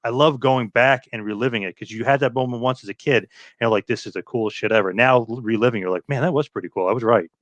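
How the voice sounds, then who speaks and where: A middle-aged man hosting a podcast, telling stories excitedly and acting out quotes. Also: mid-range voice, fast, no echo, dull audio. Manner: excited storytelling, acts out quotes loudly. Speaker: podcast host. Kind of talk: casual chat.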